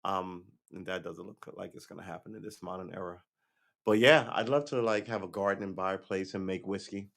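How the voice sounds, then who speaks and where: A man's voice: sits low, steady tone, brisk, creaky, a bit bright. A middle-aged man hosting a livestream, chatting casually to viewers in a loose, rambling way, swearing and laughing often. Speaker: livestream host.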